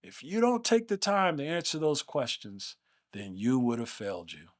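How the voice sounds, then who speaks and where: A man acting out an older male college professor who loudly fires challenging questions at new students. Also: mid-range voice, animated, moderate pace, lightly acted. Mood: solemn.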